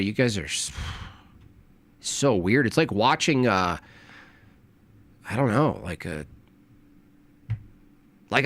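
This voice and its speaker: A man's voice: mid-range voice, fairly bright tone. A man giving sarcastic, mocking casual commentary as a vlogger. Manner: sarcastic, mocking, with acted back-and-forth quotes.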